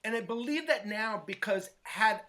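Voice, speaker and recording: Bright, high-voiced animated male storyteller. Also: moderate pace. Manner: animated, acts out quoted voices, frequent "right?". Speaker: guest, hair stylist. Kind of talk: casual storytelling interview.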